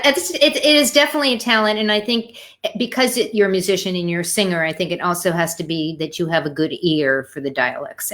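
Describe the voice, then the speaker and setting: A woman hosting an online talk show over a video call, interviewing a guest in a warm, affirming manner. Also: lowish voice. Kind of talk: casual interview chat.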